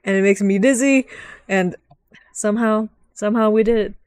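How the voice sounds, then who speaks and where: A woman's voice: mid-range voice, normal speed, a little mellow, clean tone, dry recording. Rambling, giggly woman, dry close mic. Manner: rambling, giggly, swears freely. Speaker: gaming video host. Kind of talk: casual gaming commentary.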